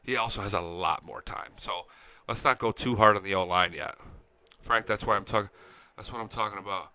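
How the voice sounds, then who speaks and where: A young man hosting a casual live-stream fan chat, excitable and profane, reading viewer comments aloud. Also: on the low side, a little fast, dry recording. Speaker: fan show host.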